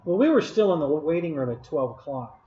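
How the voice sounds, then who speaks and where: A man's voice: fairly high pitch, very animated, fairly quick, warm tone. Rambling man telling a story to live chat. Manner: rambling, with many restarts and chuckles. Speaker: live stream host. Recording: echoey room, dull lo-fi audio.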